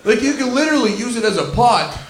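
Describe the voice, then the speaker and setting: A man's voice: very high voice, animated, fast talker, reverberant. A young man from Scarborough doing a stand-up comedy set, rambling and swearing through his stories with lots of fillers. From Scarborough, Toronto. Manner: rambling, profane, filler-heavy storytelling. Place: comedy club venue.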